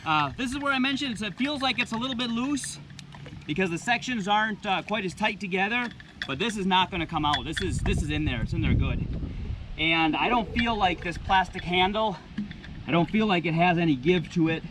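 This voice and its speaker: A man's voice: sits high, animated, brisk, noisy background. A man hosting a casual, plainspoken gear review while standing in shallow water by a boat. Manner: plainspoken, easygoing, with frequent uhs. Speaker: channel host reviewing gear.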